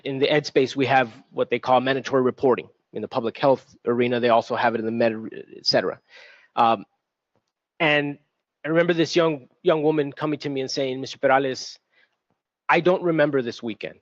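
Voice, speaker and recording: A middle-aged Texan man who works as a school administrator shares a personal account during a panel at an event venue. He speaks thoughtfully and sincerely, restarting his sentences now and then, in a mid-range voice. The audio is dull and free of echo.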